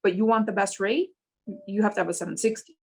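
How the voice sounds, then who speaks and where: Animated woman. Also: mid-range voice, poor audio. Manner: animated storytelling, slows down to stress key points. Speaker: mortgage business owner. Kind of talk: casual interview conversation.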